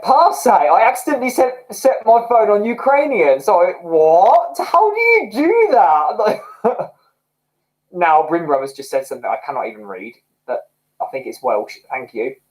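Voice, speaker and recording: A man hosts a relaxed livestream, reading viewer comments and reacting with quick bursts of excitement and laughter. His pitch leaps around animatedly. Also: rough recording. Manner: excitable, chatty, laughs often. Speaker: livestream host.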